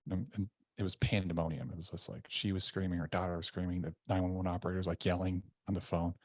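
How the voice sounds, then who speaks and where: A man with a low, deep voice tells a personal story in an earnest, conversational way. The sound is dry and close, with no room around it. He recounts events candidly and in vivid detail, as a guest on a podcast. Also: level tone, fast talker, dry recording. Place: indoor room.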